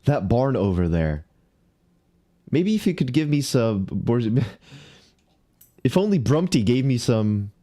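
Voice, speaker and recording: A man's voice: mid-range voice, very animated, slow pace, pauses often, mellow. A man livestreaming a game, talking to himself and greeting viewers, mildly exasperated as he searches around. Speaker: streamer. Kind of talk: casual live game commentary.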